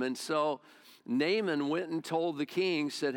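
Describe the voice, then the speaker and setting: A man's voice: fairly high pitch, fairly even intonation, measured pace. A male pastor preaching a sermon, retelling a Bible story in a folksy, conversational way.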